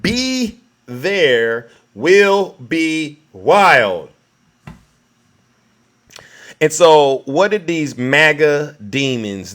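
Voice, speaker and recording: Sarcastic, bright-voiced male commentator. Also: mid-range voice. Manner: mocking, keeps addressing "ladies and gentlemen". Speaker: political commentator. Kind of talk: ranting political commentary.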